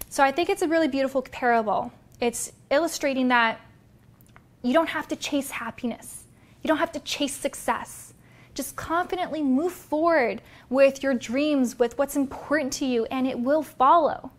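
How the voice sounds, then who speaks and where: Energetic woman giving a motivational talk. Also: high-pitched, moderate pace. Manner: energetic, direct, addresses viewers. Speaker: business coach and vlogger.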